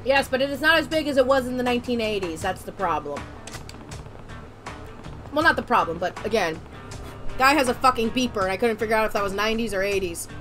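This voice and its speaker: Woman streamer, high voice, chatty and joking, casual let's-play commentary, soft game music under her. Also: quick pace, pauses often. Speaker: gameplay streamer.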